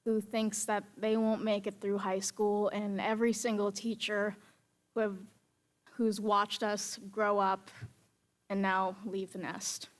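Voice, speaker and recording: Slow-talking teen girl, smooth voice. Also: mid-range voice. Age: late teens. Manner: chatty, relaxed, lots of fillers. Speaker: student performer. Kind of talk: casual stage introduction.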